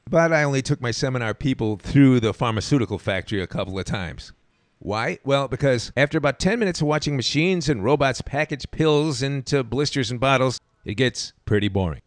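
A man's voice: medium pitch, dry recording, clean studio sound. A man hosting a podcast, telling stories in a wry, sarcastic monologue. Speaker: podcast host.

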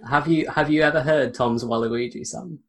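A man co-hosting a podcast, joking in a halting, casual way. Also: mid-range voice, fairly even intonation, a bit bright. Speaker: podcast co-host. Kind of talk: casual chat.

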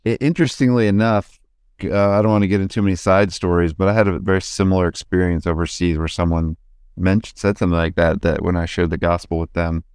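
A man with a very deep, smooth voice reflects thoughtfully as a podcast host. He talks casually and often restarts his sentences. The sound is dry and close. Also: fairly even intonation, fast talker, a little mellow, no room sound. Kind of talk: casual conversation.

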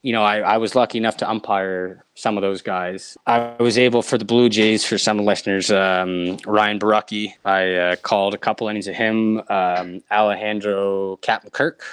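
Low-voiced man telling umpiring stories. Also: normal speed, hardly any pauses, smooth. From Nova Scotia, Canada. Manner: animated anecdotes, laughs often. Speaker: minor league umpire, guest. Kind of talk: casual storytelling interview.

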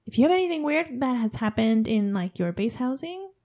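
Brief: young woman podcast co-host, slightly high voice, giggly, animated banter. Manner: giggly, animated, quick to laugh. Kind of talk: casual chat.

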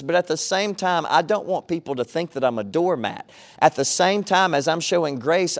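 A middle-aged man, preaching a sermon as pastor and telling a personal story in an earnest, conversational way. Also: fairly high pitch.

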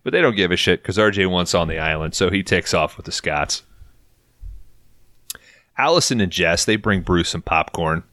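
Man, podcast host, low voice, joking and cursing, dry close-miked sound. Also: expressive, normal speed, long pauses, fairly bright tone, no echo. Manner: profane, joking, acts out quotes. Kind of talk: casual episode recap.

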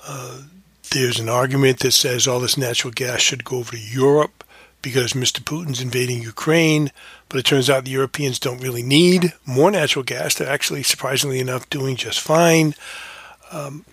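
A man's voice: medium pitch, fairly even intonation, normal speed, fairly bright tone, slightly rough, dry recording. A man hosting a casual commentary, rambling and correcting himself often with fillers. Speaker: podcast host.

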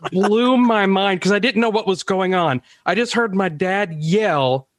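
A man's voice: high-pitched, a little slow, no echo, clean studio sound. A man on a podcast, animatedly recalling a childhood story. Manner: amazed, animated retelling. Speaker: podcast co-host. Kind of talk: casual storytelling.

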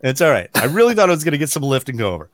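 Animated middle-aged man telling a story. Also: mid-range voice, very fast, dry recording. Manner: animated storyteller, acts out quotes. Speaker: podcast co-host. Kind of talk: casual chat.

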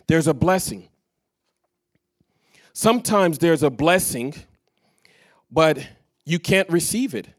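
Man preaching with lively storytelling. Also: fairly high pitch. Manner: storytelling with quoted dialogue, varied loudness. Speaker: pastor. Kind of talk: sermon. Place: church stage before a live congregation.

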